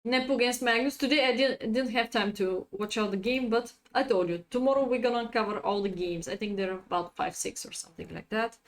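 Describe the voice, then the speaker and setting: A woman's voice: on the high side, brisk, hardly any pauses. A woman chess coach, a native Bulgarian speaker, giving a live-streamed lesson, chatty and laughing often as she reads out chat.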